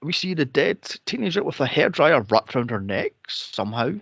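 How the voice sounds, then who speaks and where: A man co-hosting a film podcast, sarcastic and profane, mocking characters with shrill impressions. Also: very animated, brisk, fairly bright tone, slightly rough, no room sound. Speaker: podcast co-host reviewing a film. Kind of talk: casual chat. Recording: dull lo-fi dry podcast audio.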